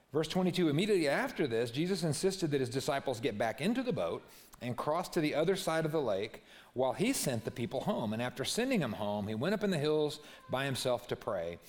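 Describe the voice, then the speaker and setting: Lively-voiced pastor preaching in a reverberant hall. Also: male voice, mid-range voice. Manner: expressive storytelling, drops to a near-hush on key words. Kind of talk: sermon.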